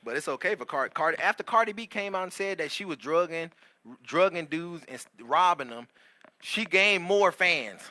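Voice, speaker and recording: Podcast co-host, male, high and piercingly bright tone, loose and animated comic storyteller. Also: normal speed, dry recording. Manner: animated, profane, laughs often. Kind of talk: casual comedic storytelling. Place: podcast studio.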